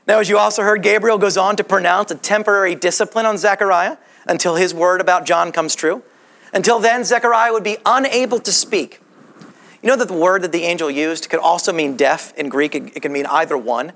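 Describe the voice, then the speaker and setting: A man's voice: sits high, steady tone, fairly quick, a bit bright. A male preacher giving a sermon in a conversational teaching manner, asking rhetorical questions.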